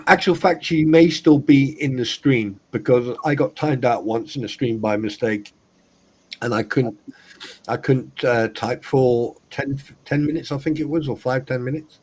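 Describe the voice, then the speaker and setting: A man's voice: medium pitch, measured pace, fairly bright tone, husky. A man co-hosting a livestream in casual banter, crude and joking, laughing often. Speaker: livestream co-host.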